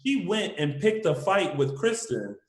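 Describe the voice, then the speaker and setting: A man's voice: high voice, big pitch swings, a little slow, slight background noise. A man co-hosting a casual podcast, rambling with many fillers and restarts. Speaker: podcast co-host. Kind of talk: casual chat recapping a soap opera. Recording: roomy home recording.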